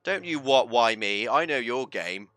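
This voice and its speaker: A man's voice: medium pitch, animated, unhurried, no room sound. A man giving casual, theatrical commentary while streaming a game. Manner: theatrical, swings into loud outbursts.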